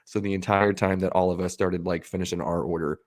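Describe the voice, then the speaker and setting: A man's voice: low voice, brisk. A man co-hosting a podcast, telling a story in casual chat, swearing and acting out the people in it. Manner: animated storyteller, swears, acts out quotes. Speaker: podcast co-host.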